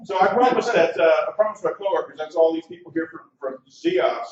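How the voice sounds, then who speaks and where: A man in his forties performs his first stand-up set on a comedy club stage, telling stories with nervous hesitations and leading the crowd in chants. His voice is a little high and brisk. The echoey club is heard from far off on a dull mic.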